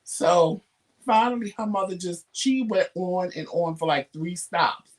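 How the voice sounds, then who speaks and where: A talk-show co-host chatting casually, telling stories with lively acted-out quotes and slangy speech. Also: medium pitch, unhurried. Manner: animated storyteller acting out quotes. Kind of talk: casual chat.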